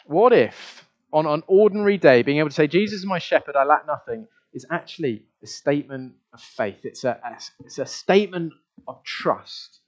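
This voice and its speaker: A man's voice: a little high, lively intonation, normal speed. A man preaching a sermon in a conversational way, asking the congregation questions and sometimes repeating his words. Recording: dull lo-fi recording.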